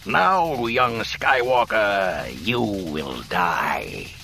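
A man voicing a cruel, gloating old male emperor with a rasping voice in an audiobook reading. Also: on the low side, sing-song, drawn-out words, pushed and bright, soft background music, heavily acted.

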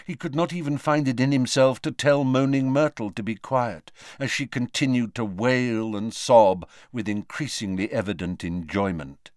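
A man's voice: mid-range voice, normal speed, hardly any pauses, a little mellow, dry recording, studio quality. A man narrating a novel as an audiobook, with dramatic storytelling. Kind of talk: scripted narration.

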